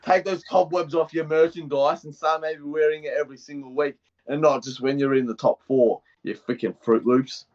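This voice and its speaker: Australian male podcast co-host, high-pitched, mocking rant energy, lo-fi audio. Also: fairly even intonation, normal speed, hardly any pauses, a little mellow. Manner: mocking, fired-up ranting. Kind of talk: casual chat with a comic rant.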